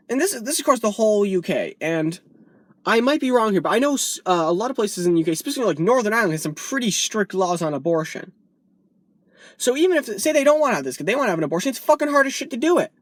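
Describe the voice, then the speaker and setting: A woman's voice: a little high, no room sound, clean studio sound. A woman vlogger delivering a heated, profane political rant, from the United States.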